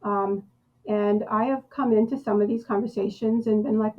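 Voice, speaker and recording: A woman hosting a podcast interview, speaking thoughtfully with frequent pauses and fillers. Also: mid-range voice, flat delivery, phone-quality sound. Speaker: podcast host.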